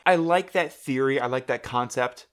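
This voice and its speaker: A man's voice: mid-range voice, moderate pace. A young man co-hosting a casual chat, rambling and joking with lots of fillers and restarts. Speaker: podcast co-host.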